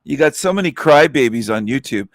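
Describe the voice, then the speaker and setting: A man ranting bluntly on his livestream, cursing freely and dropping scornful laughs. His pitch sits in an ordinary middle range. The sound is close and dry. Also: expressive, brisk, no echo. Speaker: livestream host. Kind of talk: angry rant.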